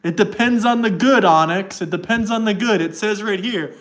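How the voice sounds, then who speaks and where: A man with a high-pitched, somewhat bright voice speaks at a moderate pace during a livestream. He spars mockingly with his chat in a combative rant, reading text out loud to prove his point.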